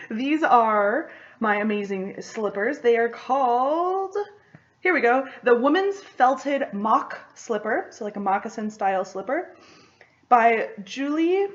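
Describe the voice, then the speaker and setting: A young woman hosting a knitting podcast in casual chat, excitable and rambling, often laughing between thoughts. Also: a little high, muffled recording.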